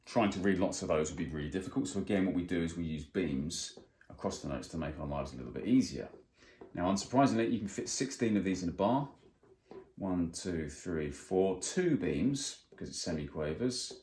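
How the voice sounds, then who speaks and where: A man teaching a guitar music theory lesson, explaining plainly and counting beats out loud. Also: sits low, lively intonation, brisk. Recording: roomy sound with faint guitar.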